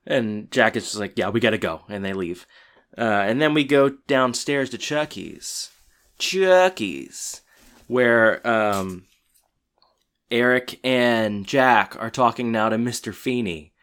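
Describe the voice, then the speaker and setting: A co-host talking in a loose, easygoing way at a middling pitch. The speech rambles along, full of fillers and quick asides. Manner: relaxed, rambling, lots of "like" and fillers. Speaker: podcast co-host recapping a TV episode. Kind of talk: casual chat.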